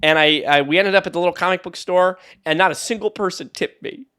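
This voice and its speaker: A man's voice: high voice, fast talker, sharp tone, smooth. A young man, a podcast co-host, telling stories in casual chat, rambling with many restarts and frequent laughter. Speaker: podcast co-host and tour guide.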